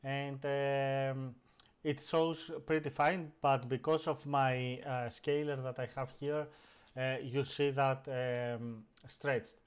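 A man hosting a casual live stream, narrating each step of a computer task as he does it. He speaks slowly at a middle pitch and stops often to search for words. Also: flat delivery, clean tone. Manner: hesitant, many fillers and restarts while operating the computer.

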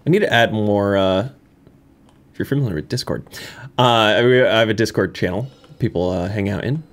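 A man in a casual let's-play commentary, rambling and self-mocking, bursting into high excited laughter. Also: fairly quick. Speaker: gaming YouTuber. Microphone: desk microphone.

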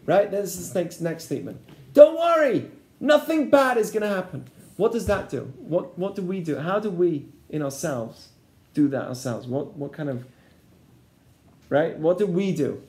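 A man's voice: on the high side, animated, moderate pace, mellow. A man, a rabbi, teaching an interactive lesson and often checking in with his listeners. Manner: keeps checking in with the class. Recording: echoey room.

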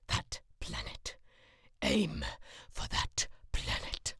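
Brief: menacing male alien villain, rasping and hushed, voiced by a woman, audio drama. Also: extremely slow, dry recording, clean studio sound.

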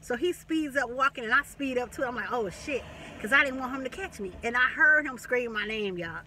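Woman vlogger, bright voice, chatty storyteller who repeats herself and swears, a bit off-mic with faint traffic. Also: high-pitched, a little fast, far from the mic. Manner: animated, repetitive, profane, laughing storyteller. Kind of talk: casual storytelling.

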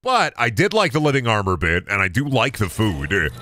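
Guy streaming a game and ranting, swears a lot, kinda low voice but jumps all over. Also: huge pitch swings, moderate pace, bright, forceful tone, no room sound, clean studio sound. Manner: profane, cynical ranting. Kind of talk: casual chat while gaming.

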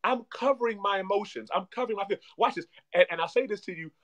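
Appearing as a guest relationship coach on a podcast, a man talks in an animated, energetic way, repeating himself like a preacher. His voice is high and fast.

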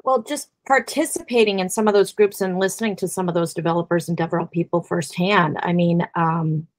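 Lower-voiced woman, earnest and dry. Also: fairly even intonation, brisk, no echo. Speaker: panelist in developer marketing. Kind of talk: online panel discussion.

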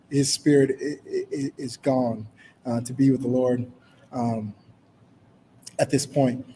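A man's voice: medium pitch, dark tone, slight background noise, rough recording. A man leading a Bible study in a casual, informal way, reading scripture aloud and rephrasing it with many fillers.

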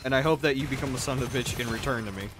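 A man's voice: mid-range voice, racing, background noise. A man streaming a game, chatting casually with friends, teasing and swearing and laughing often. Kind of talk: casual gaming chat with friends. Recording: game music under voice. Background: game music and gunfire.

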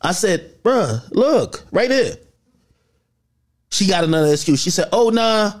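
A man telling a personal story in casual chat, animated and full of slang, acting out what others said. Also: sits high, unhurried. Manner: animated, acts out quotes with slang.

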